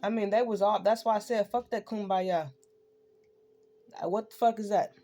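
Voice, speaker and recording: A woman's voice: medium pitch, fairly even intonation, fast, dark tone, soft background music. A woman ranting in a casual spoken monologue, swearing freely and tossing in "right?" again and again. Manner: profane, ranting, keeps asking "right?". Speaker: online spiritual speaker.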